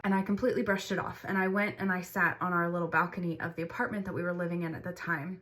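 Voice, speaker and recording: A woman speaks to her phone camera in a storytime vlog, candid and earnest. Her voice sits a little on the low side. She talks in a conversational way. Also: flat delivery, fast talker, few pauses, fairly bright tone. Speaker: mother sharing her story.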